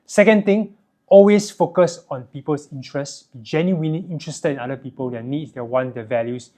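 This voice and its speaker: A young Singaporean man with a Singaporean English accent, teaching sales and communication skills in an energetic, emphatic way, often checking in with a quick "right?". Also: on the high side. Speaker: sales and self-help educator. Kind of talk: direct-to-camera teaching monologue.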